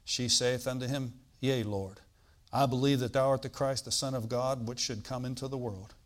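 A man preaching a sermon, reading scripture aloud and explaining it, swinging from loud bursts to quiet asides. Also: mid-range voice, normal speed. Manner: animated preaching, bursts loud on quoted lines then drops quiet; reads old-style scripture, asides with "all right?".

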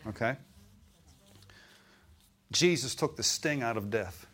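Middle-aged male preacher, anecdotal sermon delivery, bursts of emphasis, mid-pitched voice. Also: expressive, slow, a bit bright. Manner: storytelling, rising to emphatic exclamations.

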